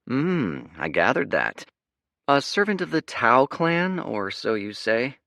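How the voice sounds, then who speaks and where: A man's voice: medium pitch, sing-song, takes it slowly, gravelly, pushed and bright, no echo, clean studio sound, voice pushed up, heavily acted. A man voicing a confident young traveler who talks with breezy, lazy charm. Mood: breezy, teasing.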